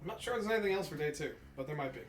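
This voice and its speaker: High-voiced wisecracking man on a stream. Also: animated, rapid-fire, a crowd in the background. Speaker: co-host on a game stream. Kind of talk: let's play commentary. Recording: roomy and distant from the mic.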